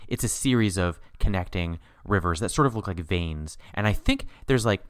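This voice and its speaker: A man co-hosting a podcast, chatting about a TV miniseries in an animated way, laughing often with sudden upward jumps in pitch. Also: normal speed, clean tone, no echo, studio quality. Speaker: podcast co-host. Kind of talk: casual chat recapping a TV miniseries.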